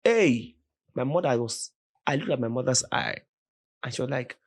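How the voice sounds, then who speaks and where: A Nigerian man, a podcast guest, telling a story with animated, vivid retelling and voiced quotes. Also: mid-range voice, moderate pace, gravelly. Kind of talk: dramatic storytelling in conversation.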